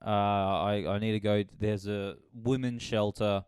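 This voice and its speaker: Swearing, smooth-voiced man. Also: fairly low pitch, fairly even intonation, measured pace, darkish tone, dry recording, clean studio sound. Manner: swearing, retelling with quoted voices. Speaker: podcast host. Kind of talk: casual chat.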